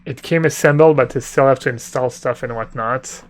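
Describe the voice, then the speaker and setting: A man's voice: mid-range voice, normal speed, dry recording. A man streaming a card game live, chatting casually, thinking aloud and answering chat with fillers. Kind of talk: live-stream commentary while playing.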